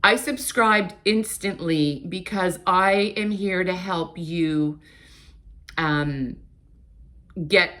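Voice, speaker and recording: A woman's voice: fairly low pitch, drawn-out words, long pauses, sharp tone. A woman in her late fifties, born in Portugal and raised in Canada, talking candidly to her viewers in a rambling, open way with frequent restarts. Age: 50s. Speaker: YouTuber. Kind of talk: casual chat to camera.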